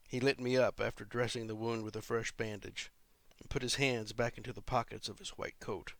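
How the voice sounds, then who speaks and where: A man, an author and podcast host, reading his own fiction in measured first-person storytelling. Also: lowish voice, level tone, no echo.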